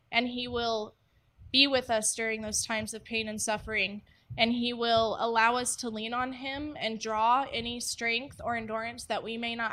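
A woman's voice: on the high side, fairly bright tone. A young woman speaking earnestly about faith, candid and personal, with frequent ums. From United States. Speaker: church ministry speaker. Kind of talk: faith-based teaching talk.

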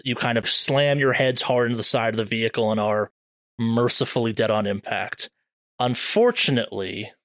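A man running a tabletop horror game as game master, narrating in a measured way with slow dramatic beats. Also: medium pitch, a bit bright, no room sound.

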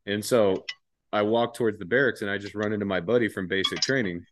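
A man's voice: lowish voice, fairly even intonation, fast talker, a bit bright, a little hiss or hum, rough recording. A young man casually telling a podcast story, profane and laughing, acting out the voices of others. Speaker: podcast guest.

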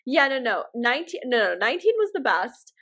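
Podcast co-host, woman, higher voice, animated slangy casual chat with swearing. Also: brisk.

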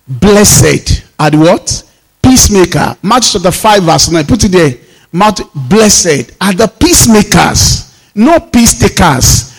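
A male pastor with a notably high-pitched voice delivers an emphatic sermon. He repeats key phrases for weight and acts out back-and-forth exchanges as he preaches. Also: husky.

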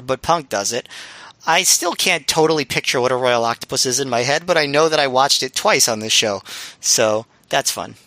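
A man's voice: fairly high pitch, sharp tone, no room sound. A man co-hosting a podcast, chatting casually with frequent ums and restarts. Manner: rambling with many ums and restarts. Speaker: podcast co-host. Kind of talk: casual chat reviewing wrestling.

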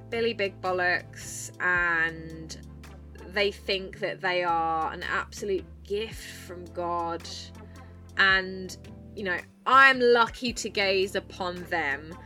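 A young woman talks through her nights at work in a bubbly, chirpy monologue, unhurried and in no rush. Her voice is bright and forward, with faint music underneath. She swears freely and sounds loose and casual. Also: mid-range voice. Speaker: podcast host and club dancer.

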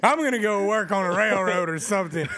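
A man's voice: high voice, fast, a crowd in the background, natural voice. A man voicing a gloomy adult donkey who is fed up and ranting about his friends.

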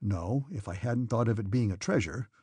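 A man's voice: on the low side, lively intonation, moderate pace, darkish tone, husky, no echo, full character voice. A man voicing a proud, anxious young cadet who speaks in an earnest, strained way. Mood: puzzled.

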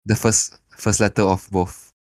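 A man's voice: on the low side, level tone, unhurried, a little mellow, no echo. A playful man co-hosting a podcast, eagerly guessing in casual chat.

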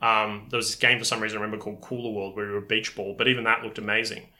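A man talks games on a casual podcast with a very bright, forward tone. He is animated and playful, and he hums game tunes. The talk is loose banter among friends. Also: on the low side, rapid-fire. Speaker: podcast co-host. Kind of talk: casual chat.

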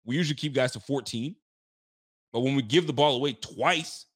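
A fired-up sports fan commentator rambles through a heated football rant, peppered with restarts and street slang. His mid-range voice sounds slightly rough and moves at normal speed.

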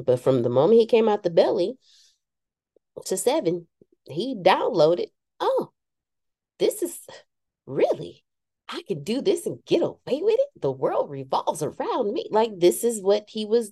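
A woman with a low, dark voice co-hosts a casual podcast talk show about spiritual growth. She speaks candidly and pokes fun at herself with preachy asides.

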